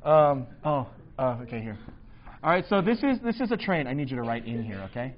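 A man's voice: mid-range voice, big pitch swings, a little fast, dull audio. A man preaching in a church, casual and self-deprecating, talking to his congregation. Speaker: pastor. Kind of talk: sermon. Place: church hall.

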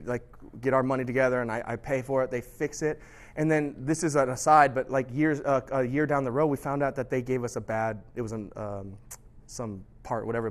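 A man preaching a sermon in a conversational storytelling way, often checking in with his listeners. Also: mid-range voice. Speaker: pastor.

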